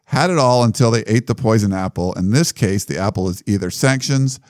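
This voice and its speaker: This sports podcast co-host talks fairly quickly in a lowish, slightly mellow voice. He laughs and uses fillers while reading out joking comparisons on the casual show. The studio-quality audio has no room sound.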